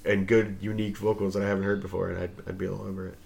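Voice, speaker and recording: A young man co-hosting a podcast, chatting casually in a slightly low voice. He gives blunt opinions and keeps joking. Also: little pitch movement, rapid-fire, gravelly, a little mellow. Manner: opinionated, joking, trails off into mock accents. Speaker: podcast co-host. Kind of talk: casual chat.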